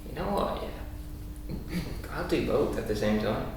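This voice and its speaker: A young man co-hosting a podcast, teasing in a dry, deadpan way. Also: mid-range voice, slow pace, slight background noise. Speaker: podcast co-host. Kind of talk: casual chat. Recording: echoey room, mic at a distance.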